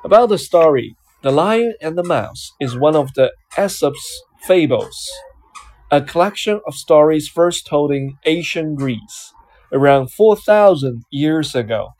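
A reader narrating a children's storybook and its learning exercises slowly and carefully. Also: mid-range voice, animated, a little mellow, low-quality recording. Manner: slow, careful reading for learners.

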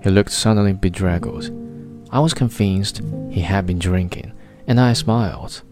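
Low-voiced man narrating a novel. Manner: measured, literary first-person reading. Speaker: audiobook narrator. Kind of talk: scripted narration. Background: faint guitar music.

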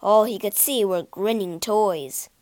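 A woman reading a children's storybook aloud with expressive, dramatic narration. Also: mid-range voice, unhurried, dry recording.

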